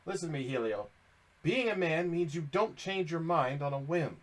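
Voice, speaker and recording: Gruff, lecturing middle-aged dad, put on by a man reading a game aloud. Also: fairly high pitch, lively intonation, normal speed, close to an everyday voice. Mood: earnest. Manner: scolding, blunt, lecturing. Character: gruff middle-aged fish shop father, stern.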